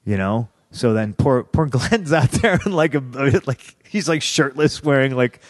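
A man in his thirties, a podcast guest, telling a story in a profane, animated way and voicing the people he quotes. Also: medium pitch, measured pace, dry recording, studio quality. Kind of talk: candid storytelling interview.

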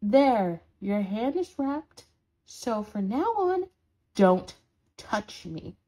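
A woman's voice: mid-range voice, sing-song, extremely slow, mellow, full character voice. A woman voicing a sarcastic, scolding horned demon in an audio role-play for a listener. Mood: mocking sarcasm. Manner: sarcastic, scolding, dramatic swings.

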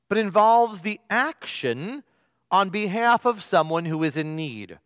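A man's voice: high voice, fairly bright tone, dry recording, studio quality, long reverb tail. A male pastor preaching a sermon, telling stories with emphasis and stretching out the key phrases.

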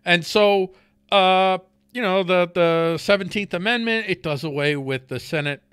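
Heated, swearing man with a bright voice. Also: sits high, measured pace, clean tone, no room sound, studio quality. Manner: heated, swearing, repeats words, laughs between points. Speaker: podcast host. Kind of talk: profane political rant.

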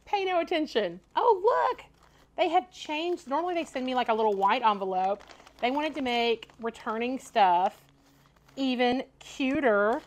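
A woman with a slightly higher-pitched voice chats casually from home as she unboxes clothes. Her talk is loose and full of "like" and "y'all", and she laughs often as she goes. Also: expressive, moderate pace. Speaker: fashion vlogger.

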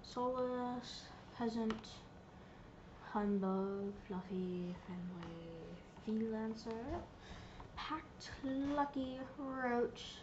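A woman's voice: fairly high pitch, highs cut off, noisy background. A woman giving casual, playful commentary while she plays a video game, giggling and reading menu options aloud. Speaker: gameplay streamer.

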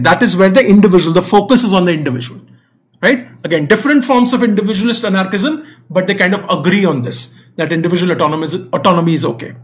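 A young man teaching exam preparation online, patiently going over a reading passage and checking in with "right?" and "okay?". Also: high-pitched.

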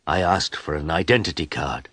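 A man reading a simple story aloud in plain, clear first-person narration for English learners. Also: extremely low pitch, lively intonation, normal speed, a bit bright, no room sound.

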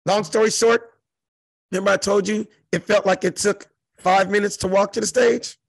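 A man in his fifties from South Central Los Angeles, a comedian telling a profane, animated story in an interview and acting out the other voices. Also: sits high, normal speed, creaky, dry recording. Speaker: comedian guest.

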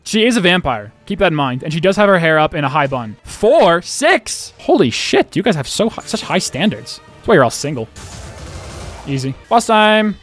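A young man with a high voice comments on his game live on a home stream, swinging wildly up and down in pitch as he goes. He gets excited fast, swears freely and keeps turning to his chat. Faint game music plays under his desk-mic voice.

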